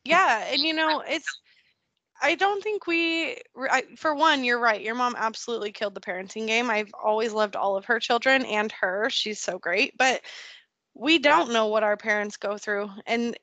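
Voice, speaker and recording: A woman's voice: a little high, moderate pace, pushed and bright, no room sound. A woman speaking as a podcast guest in a candid personal conversation, earnest and openly emotional.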